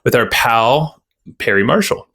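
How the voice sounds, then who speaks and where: A man co-hosting a podcast from home, easygoing and quick to laugh. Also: medium pitch, expressive, bright, forceful tone. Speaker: podcast co-host. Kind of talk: casual chat. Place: at home, recording remotely.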